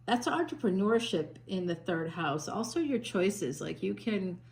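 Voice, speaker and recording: A very animated woman psychic with a creaky, mid-range voice talks a little slowly through a warm, chatty tarot reading, restarting often and using lots of fillers. Her Northern US accent drifts Southern, and the audio is low quality.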